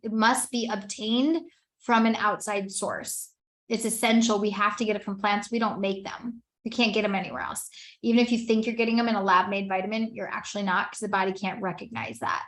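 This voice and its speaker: A woman's voice: mid-range voice, fairly bright tone. A woman in her thirties giving an earnest, conversational personal testimony as a wellness business presenter, with many "like" fillers.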